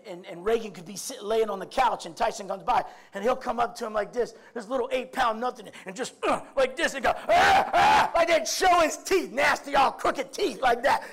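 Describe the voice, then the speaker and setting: A man preaching a sermon, swinging from quiet musing to loud shouts, with many stammered restarts and repeated "I mean". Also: extremely high pitch, slightly rough.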